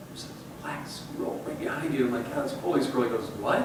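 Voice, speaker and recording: A man's voice: medium pitch, fast, very noisy. A man in his forties giving a motivational talk to his company's staff, rambling and conversational, repeating phrases for emphasis. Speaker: company leader addressing staff. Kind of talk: motivational talk with personal stories. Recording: echoey room, voice far from mic.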